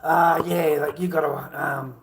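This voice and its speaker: A man's voice: a little high, fairly even intonation, a little slow, noisy background. An Australian man in his fifties in a rambling, aggrieved monologue to camera, swearing and repeating himself. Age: 50s. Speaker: vlogger.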